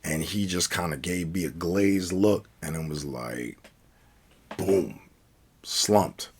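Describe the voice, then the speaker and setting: An American man telling a story from a night out in a casual, slangy, animated way. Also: low voice, slow pace, a little hiss or hum. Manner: animated, slangy, acts out quoted speech. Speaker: storyteller, channel host.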